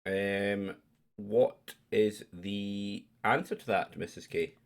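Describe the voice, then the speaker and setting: A man's voice: lowish voice, steady tone, slow. A Scottish man casually hosting a live-stream quiz, chatty and jokey as he reads out questions. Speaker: quiz host.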